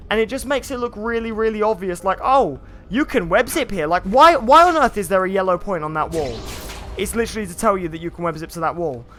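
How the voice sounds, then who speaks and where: A young man streaming a video game, chatting casually and excitably with lots of filler words as he plays. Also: sits high. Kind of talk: live gameplay commentary. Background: faint game music.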